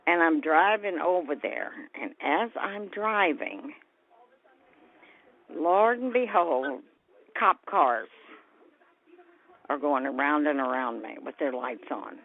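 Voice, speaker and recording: A woman's voice: deep voice, slow, pauses often. Older woman telling a story over a tinny line. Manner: lively storyteller who acts out quoted voices. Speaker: guest. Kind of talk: storytelling interview. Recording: tinny phone-like sound.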